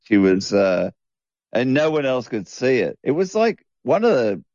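Man, low gravelly voice, stop-start chatter, dull lo-fi dry recording. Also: big pitch swings, darkish tone, dry recording. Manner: halting, lots of restarts. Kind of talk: casual chat. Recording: dull lo-fi sound.

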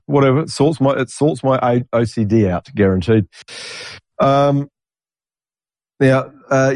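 Rambling man with a dark, dry voice. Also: medium pitch, no room sound. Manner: rambling, self-interrupting, laughs at own stories. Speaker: podcast host. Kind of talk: casual rambling monologue.

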